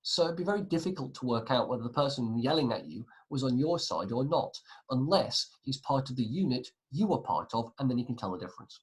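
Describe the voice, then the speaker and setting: Lively history teacher. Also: male voice, medium pitch, a little fast, poor audio. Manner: lively, asks the class questions and answers them himself. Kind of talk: classroom lesson video.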